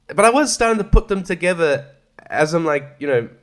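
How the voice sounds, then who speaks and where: A man's voice: on the high side, animated, fairly quick, a bit bright. Rambling, sarcastic male film reviewer. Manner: rambling, sarcastic, swears freely, laughs often. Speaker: podcast host reviewing films. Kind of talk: casual spoken review.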